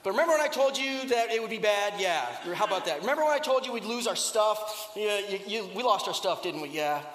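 Cast: a preacher putting on a fed-up apostle, sarcastic and high-voiced, needling the captain in an echoey hall. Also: male voice, lively intonation, a little fast, fairly bright tone. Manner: sarcastic, mocking I-told-you-so tone. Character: exasperated apostle scolding a ship captain.

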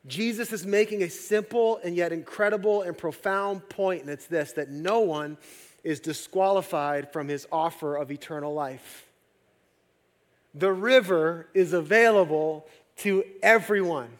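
Man pastor preaching, kinda high voice, gets loud then goes real quiet, big echoey church sound. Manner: swings from loud emphatic peaks to hushed, slow appeals. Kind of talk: sermon.

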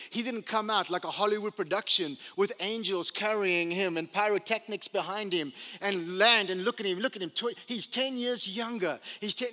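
A man preaching a sermon as pastor, telling the story with animated energy and humorous asides. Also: high-pitched. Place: church sanctuary. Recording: long church hall reverb.

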